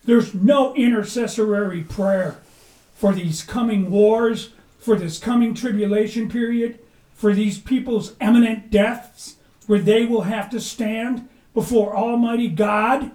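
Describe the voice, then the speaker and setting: A man preaching a sermon with passion, rising to loud urgency and dropping to a hush. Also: extremely high pitch. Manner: impassioned, swings from loud to hushed. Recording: echoey room, mic at a distance.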